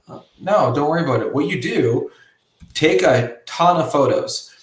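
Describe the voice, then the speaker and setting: A man's voice: on the high side, animated, normal speed, slight background noise. A man co-hosting a podcast, talking in a loose, joking way with casual swearing. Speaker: podcast co-host. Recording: roomy echo.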